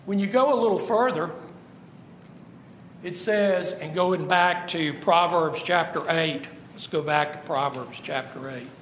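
High-voiced man preaching slowly. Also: fairly bright tone, roomy sound, long reverb tail, slight background noise. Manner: questioning, rhetorical, emphatic. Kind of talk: sermon.

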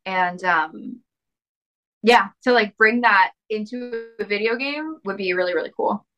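A woman's voice: medium pitch, measured pace, bright, forceful tone, highs cut off, soft background music. A young woman with a lisp, chatting upbeat as a podcast guest with many fillers. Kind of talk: casual interview chat.

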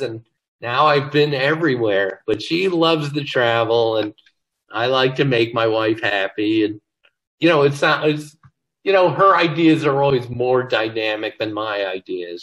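A man's voice: medium pitch, fairly bright tone, poor audio. An older man, a comedy writer as an interview guest, telling self-deprecating stories in casual chat. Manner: self-deprecating, joking storyteller.

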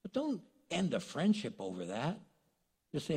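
A man preaching a sermon, animated and joking, acting out the voices of the people he quotes. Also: fairly high pitch, normal speed, husky. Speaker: pastor. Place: church hall. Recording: long reverb of a church hall.

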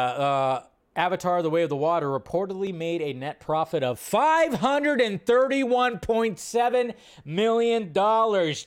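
A man hosting a casual live-stream about movie news. His voice sits fairly high. He talks with plenty of enthusiasm and riffs by repeating words over and over. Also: clean tone.

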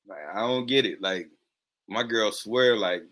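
A man's voice: on the low side, unhurried, fairly bright tone, poor audio. A man co-hosting a podcast in a casual, candid chat, swearing freely. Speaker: podcast co-host.

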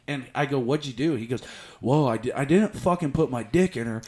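A man's voice: medium pitch, expressive, a little fast, hardly any pauses, mellow. A man telling a crude story on a casual podcast, swearing often and laughing as he goes. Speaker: podcast host.

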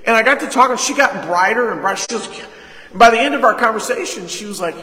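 A man preaching a sermon as pastor, leading call-and-response and retelling a conversation, with sudden loud emphasis. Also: very high-pitched, animated, fast talker. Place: church sanctuary. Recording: echoey hall reverb.

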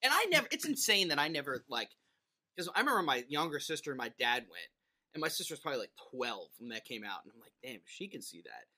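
A young man co-hosting a podcast, telling stories in a rambling, animated way with lots of fillers. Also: fairly high pitch, quick pace. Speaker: podcast co-host. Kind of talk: casual chat.

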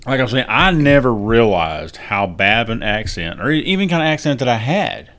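A man's voice: medium pitch, very animated, moderate pace, a bit bright. A middle-aged Texan man with a Southern accent, co-hosting a casual family podcast chat and telling laid-back anecdotes. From Texas. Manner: laid-back storyteller, chuckles through anecdotes. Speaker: podcast co-host.

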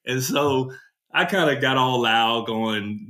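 A man's voice: medium pitch, slow pace. A man, a former ballplayer, telling stories in a casual podcast chat, laughing often as he talks. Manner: animated storyteller, laughs often, says "man" a lot.

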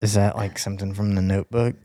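A man co-hosting a podcast, relaxed and quick to laugh while guessing impressions. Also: fairly low pitch, no room sound, clean studio sound. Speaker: podcast co-host. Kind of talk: casual chat, impression game.

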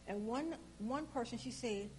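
A woman tells a personal story in a relaxed, chatty way. Her voice sits a little high and gets animated as she plays each side of the conversation. A faint hum runs underneath. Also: unhurried. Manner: animated, acts out both sides of the conversation.

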